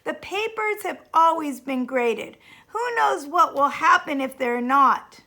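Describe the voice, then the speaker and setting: A woman voicing a sensible highlighter in a storybook reading, reasoning in a matter-of-fact way. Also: animated, slow, gravelly, pushed and bright, heavily acted. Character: sensible highlighter, calm know-it-all.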